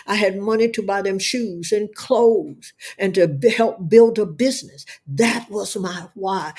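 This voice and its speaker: A woman's voice: mid-range voice, darkish tone. Fervent woman giving a testimony. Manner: fervent, preacherly, repeats words. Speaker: guest, entrepreneur. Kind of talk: emotional testimony.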